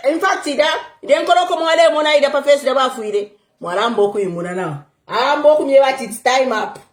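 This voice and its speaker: A young woman giving casual political commentary, animated, laughing often and switching between languages. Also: high-pitched, fast talker, echoey room. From Zambia.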